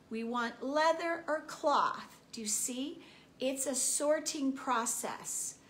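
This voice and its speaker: A woman giving a motivational spiritual talk, deliberate and often laughing as she acts out everyday examples. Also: a little high, fairly bright tone, slight background noise. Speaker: spiritual speaker.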